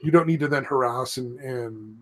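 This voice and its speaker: A man's voice: medium pitch, normal speed, fairly bright tone, low-quality recording. Rambling man on a casual podcast. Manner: rambling, hedges with "I mean" and "like". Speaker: podcast host. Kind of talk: casual profane chat.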